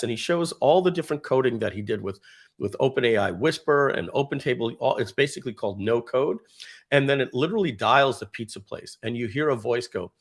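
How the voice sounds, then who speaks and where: A man's voice: medium pitch, lively intonation, fairly quick. A man presenting a casual live stream, rambling and enthusiastic, with many fillers and restarts as he acts out quoted dialogue.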